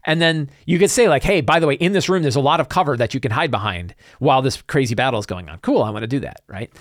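A middle-aged man hosts a casual solo talk show, his slightly high voice swinging widely in pitch as he animates little snatches of dialogue. The sound is close and dry, with no room around it. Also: no echo. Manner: animated, acts out player and game master lines in quick asides. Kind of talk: solo casual talk about tabletop games.

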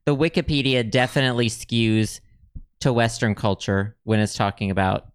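Male podcast host, casual and rambling, smooth voice. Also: medium pitch, steady tone, normal speed, dry recording, clean studio sound. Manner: chatty, rambling, reads facts aloud with many ums. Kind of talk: casual chat.

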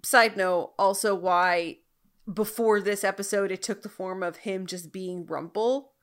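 A woman co-hosting a casual TV recap, lively and rambling. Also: medium pitch, unhurried, smooth. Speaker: podcast co-host.

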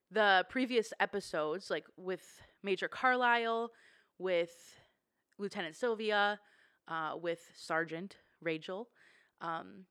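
A woman's voice: fairly low pitch, sharp tone, clear, resonant tone, no room sound. Chatty woman podcast co-host, dry sound. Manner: chatty, laughs easily, many fillers. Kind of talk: casual chat.

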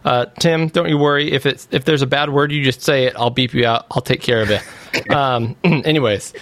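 A man's voice: medium pitch, fairly quick, a bit bright, no room sound. A man hosting a podcast over a remote call, casual and playful, teasing his co-host. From United States. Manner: playful, teasing, leads the segment. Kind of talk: casual chat.

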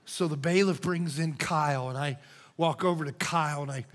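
An older man preaching a sermon as pastor, moving from loud cries to hushed whispers. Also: fairly high pitch, moderate pace. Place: church sanctuary. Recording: church hall reverb.

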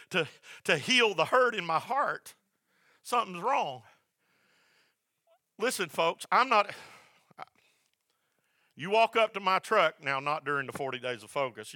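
A male pastor preaching a sermon, swinging from loud, repeated emphasis down to a soft hush. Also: high voice, no echo. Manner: builds to loud emphatic repetition, then drops to a soft hush.

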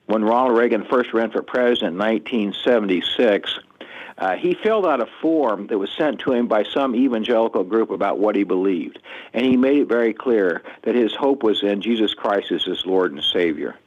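An older man answering interview questions in an earnest, measured and reflective way. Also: lowish voice, lively intonation. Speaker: guest author. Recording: muffled lo-fi audio.

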